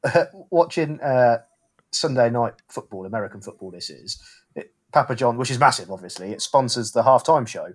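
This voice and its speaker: A man's voice: medium pitch, expressive, moderate pace. Wry man co-hosting. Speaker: co-host reading tweets. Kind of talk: casual podcast banter.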